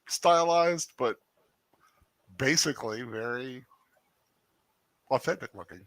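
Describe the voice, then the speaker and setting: A man co-hosting a casual watch-along commentary, making relaxed, thoughtful remarks. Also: mid-range voice, slow pace, dry recording. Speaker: co-host.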